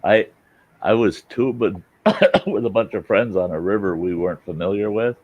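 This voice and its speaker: A lower-pitched man trades stories in a casual chat, his delivery profane and lively, leaping up into shrill impressions of the people he describes. The recording is dull and lo-fi, with the top end rolled off. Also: moderate pace. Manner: profane, animated storyteller. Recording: dull lo-fi sound.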